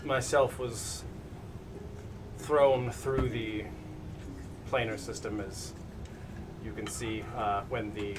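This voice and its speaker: A man playing a slow, formal stranded noble. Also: lowish voice, little pitch movement, noisy background. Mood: solemn. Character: courteous stranded male noble, weary, hospitable. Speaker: game master. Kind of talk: tabletop role-play, voicing a character.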